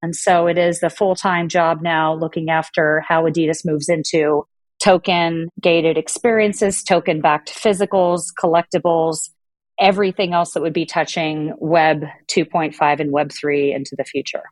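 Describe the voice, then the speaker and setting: A woman's voice: deep voice, steady tone, normal speed, no room sound. A middle-aged woman from Southern California, answering interview questions in a fluent, businesslike way. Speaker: guest executive.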